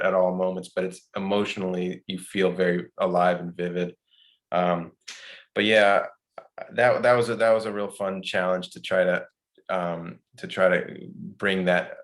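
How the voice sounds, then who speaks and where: At a post-screening talk, a male film director with a low voice answers questions haltingly, restarting often and using many fillers.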